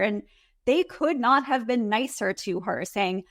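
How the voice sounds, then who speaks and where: A woman's voice: on the high side, unhurried, fairly bright tone, dry recording, studio quality. A woman co-hosting a casual recap podcast, exasperated, acting out quotes as she retells scenes. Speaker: podcast co-host.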